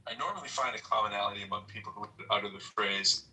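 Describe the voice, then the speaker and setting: A man's voice: on the low side, fast, bright, forceful tone, recorded from a distance, poor audio. A man hosting a casual chat, speaking hesitantly with many restarts. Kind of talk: casual chat on an audio room.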